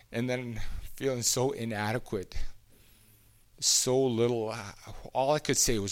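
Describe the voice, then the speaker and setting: A preacher from Canada giving a personal testimony sermon, speaking earnestly and haltingly, often restarting his sentences. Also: mid-range voice, fairly even intonation.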